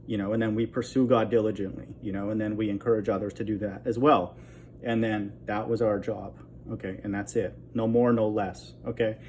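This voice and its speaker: A man's voice: medium pitch, darkish tone, slight background noise. Blunt preacher man repeating "okay?". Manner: conversational, blunt, repeats "okay?" after points. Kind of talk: informal sermon, Bible teaching.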